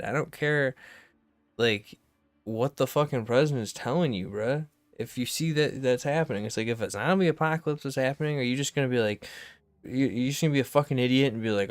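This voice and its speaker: A young man streaming games, ranting casually and profanely in a rambling, animated way. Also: medium pitch, brisk, no echo. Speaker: gaming streamer.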